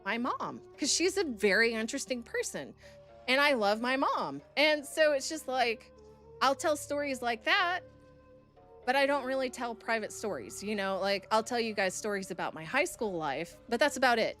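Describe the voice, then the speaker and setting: A woman's voice: fairly high pitch, animated, moderate pace, fairly bright tone, faint music behind. A woman streamer telling a story to her chat in a blunt, profane, heated way.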